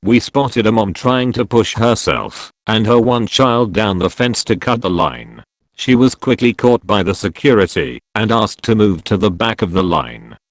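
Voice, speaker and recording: A man reading online stories aloud as a scripted narration, in an expressive storytelling manner. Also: fairly low pitch, no echo.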